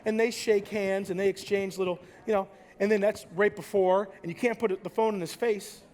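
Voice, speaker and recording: High-voiced, profane American man storyteller. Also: fairly quick. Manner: emotional, animated, swears freely. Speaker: conference speaker. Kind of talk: live stage talk.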